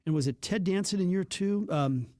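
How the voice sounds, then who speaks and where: A man's voice: high voice, normal speed, darkish tone, dry recording, studio quality. A man co-hosting a radio show, tossing in short questions and trivia. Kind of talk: casual radio talk. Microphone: studio microphone.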